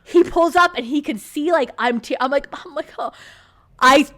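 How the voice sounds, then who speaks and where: A woman co-hosting a podcast, chatting casually and telling stories in an animated, profane way. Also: high voice, normal speed. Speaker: podcast co-host. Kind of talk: casual chat.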